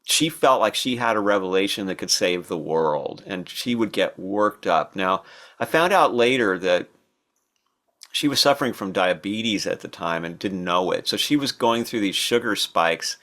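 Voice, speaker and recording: An older man telling stories from his past as a podcast guest, thoughtful and unhurried, with fillers and restarts. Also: fairly low pitch, expressive, bright, forceful tone. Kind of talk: relaxed storytelling interview.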